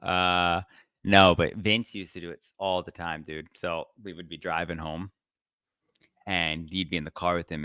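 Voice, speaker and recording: A man's voice: deep voice, fairly even intonation, unhurried, sharp tone, clear, resonant tone, no echo, clean studio sound. A young man co-hosting a podcast, chatting casually, telling stories and swearing freely. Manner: loose, swearing, storytelling banter. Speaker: podcast co-host.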